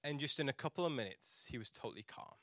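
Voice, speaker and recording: A man's voice: mid-range voice, lively intonation, fast, bright, forceful tone, no room sound, studio quality. A man preaching a sermon as a pastor, telling a personal story in a chatty, self-mocking way with frequent restarts.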